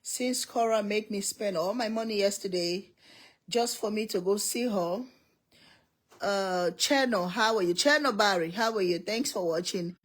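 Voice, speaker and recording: A woman's voice: medium pitch, measured pace. Middle-aged woman chatting on a home livestream, reads out viewer names, laughs a lot. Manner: laughs often, calls out viewer names one by one. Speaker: livestream host greeting viewers. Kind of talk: casual livestream chat.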